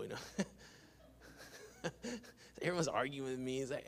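A man pastor delivering a sermon, dropping "amen" between phrases and swinging from loud emphatic bursts to hushed asides. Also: medium pitch, expressive, measured pace, vocal fry.

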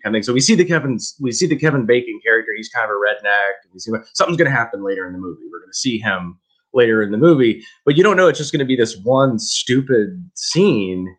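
Husky-voiced man ranting. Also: on the low side, a bit bright, low-quality recording. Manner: emphatic, scathing and ranting. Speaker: podcast co-host. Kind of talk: film discussion podcast.

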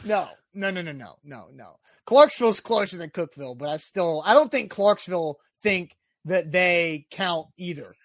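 High-voiced sports podcast host, dry close sound. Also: male voice, lively intonation, a bit bright, no echo. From Nashville area, Tennessee. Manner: brisk, firm, game-show timing. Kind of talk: casual sports talk, reading listener questions.

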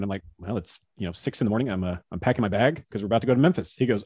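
A man who pitched professionally, telling casual anecdotes in an interview, acting out quotes and laughing often. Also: rapid-fire, hardly any pauses, a little mellow, slightly rough, no room sound. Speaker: former baseball pitcher, guest.

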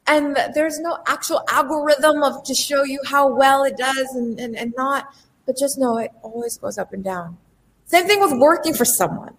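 Woman coach giving a pep talk, lively and animated, acts out inner voices, voice on the higher side. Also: moderate pace. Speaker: life coach and entrepreneur. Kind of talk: motivational talk.

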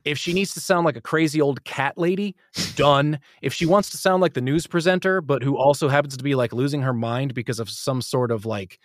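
A man's voice: mid-range voice, no room sound. Rambling man, dry close sound. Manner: rambling, halting, many restarts and fillers. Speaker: podcast guest. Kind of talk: casual chat.

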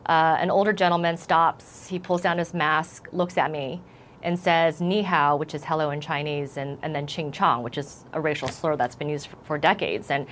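A shaken woman from the United States giving an earnest, halting account in a TV news interview. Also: deep voice, fairly even intonation, a little hiss or hum. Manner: earnest, halting with repeated starts. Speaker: news correspondent.

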